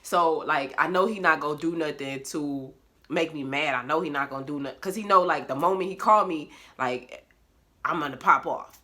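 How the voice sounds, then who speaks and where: A young woman speaks straight to her phone camera in a casual confessional vlog. Her voice is bright and clear, and her talk is candid, expressive and loose, with swearing and laughter mixed in. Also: low voice, moderate pace. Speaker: vlogger. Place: bedroom at home.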